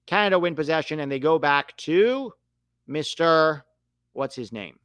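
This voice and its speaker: A young man calling a match live for a watch-along, animated and quick to swear at the referee. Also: a little high, clean tone, no echo. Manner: animated, swears when riled, calls the play.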